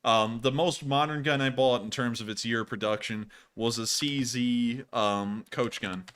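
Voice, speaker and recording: Bright-voiced rambling American stream host. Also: male voice, medium pitch, measured pace, smooth. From United States. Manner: rambling, with frequent restarts and bursts of excitement. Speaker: livestream host. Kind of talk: casual livestream chat.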